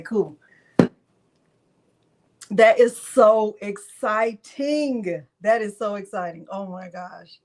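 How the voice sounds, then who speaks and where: A middle-aged woman hosting a crafting livestream, gushing and exclaiming to viewers as she runs a prize drawing. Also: medium pitch. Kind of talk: excited live stream chat. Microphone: desk microphone.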